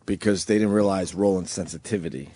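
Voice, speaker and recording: A man's voice: sits low, fast talker, warm tone, breathy edge. A man hosting a radio talk show, talking in blunt, profane, mocking banter.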